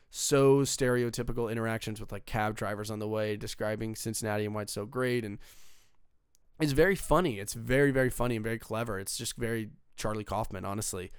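Young male film reviewer, loose and profane, lots of fillers, mid-pitched and crisp. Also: no room sound, clean studio sound. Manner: rambling, profane, filler-heavy. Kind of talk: casual spoken movie review.

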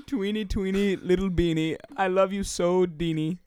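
A man playing an eccentric, creepy 94-year-old widower on a comedy podcast, rambling slowly in a deadpan way. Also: high-pitched, smooth, dry recording, natural voice. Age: 90s. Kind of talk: improvised comedy podcast character.

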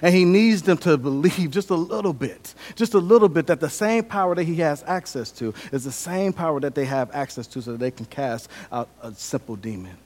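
A male pastor delivering a sermon in a relaxed, conversational way, breaking into jokes and acted scenes. His voice sits fairly high for a man. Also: a little fast, few pauses. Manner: conversational, humorous, acts out scenes.

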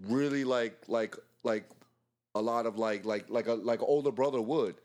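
A man's voice: mid-range voice, normal speed. A male co-host chatting casually, acting out quotes from stories, swearing and filling his talk with "like". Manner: animated, acts out quotes, swears, many "like"s. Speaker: co-host and bartender. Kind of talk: casual chat.

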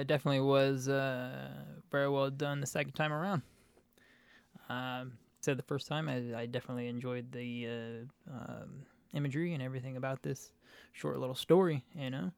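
A man's voice: medium pitch, steady tone, moderate pace, creaky, smooth, dry recording. A man co-hosting a podcast in casual chat, laid-back and slangy, with many fillers. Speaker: podcast co-host reviewing stories.

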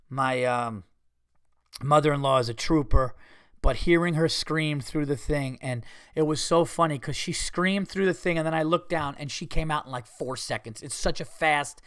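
Male podcast host, highish voice, dry close sound, profane and lively storyteller. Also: smooth, no echo. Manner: animated, profane, retells scenes with quoted voices. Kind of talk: casual storytelling monologue.

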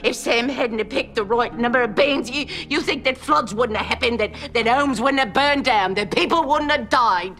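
A woman's voice: fairly high pitch, normal speed, hardly any pauses, fairly bright tone. An actress playing a blunt, bitter woman who scolds a visitor for believing in a curse, in a TV drama clip. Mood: scolding.

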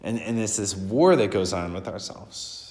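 A man's voice: lowish voice, expressive, normal speed, a little mellow, echoey room, in a large hall. A man who is a priest giving an earnest, conversational sermon, repeating phrases for emphasis.

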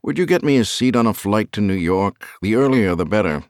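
An anxious businessman, voiced by a deep-voiced male narrator, clipped and tense in his replies. His low voice moves lively in pitch, recorded close and dry. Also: brisk, no echo, close to an everyday voice.

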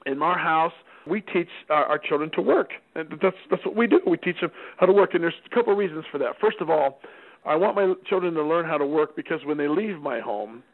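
A man's voice: fairly high pitch, fairly quick. Man telling a parenting story over tinny radio. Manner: acts out dialogue with changing voices. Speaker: parenting speaker. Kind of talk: folksy storytelling talk. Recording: tinny phone-like radio recording.

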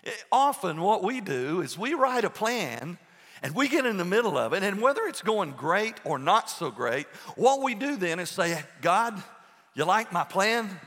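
Bright high-pitched preaching man, echoey hall. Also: very animated. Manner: earnest preaching with pauses and restarts. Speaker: pastor. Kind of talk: sermon.

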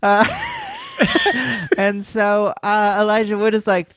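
A woman's voice: mid-range voice, steady tone, slow. A woman chatting casually about a film, laughing often and acting out the characters' lines. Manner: giggly, laughs often while retelling scenes; acts out characters' lines with put-on voices. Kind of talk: casual chat recapping a film.

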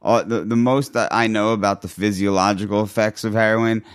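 Man, low and smooth-voiced, casual rambling talk, profane, lots of restarts. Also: steady tone, a little fast. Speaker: guest describing withdrawal. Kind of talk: casual conversation.

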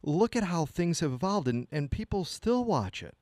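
Host, man, enthusiastic interviewer, higher voice, close and dry. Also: sing-song, normal speed, a little mellow, no room sound. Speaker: radio show host. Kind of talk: radio interview.

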